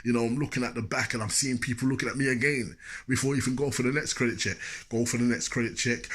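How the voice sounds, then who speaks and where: A man's voice: medium pitch, steady tone, fast, fairly bright tone, husky. A man telling a personal story as a motivational speaker, chatty and full of asides.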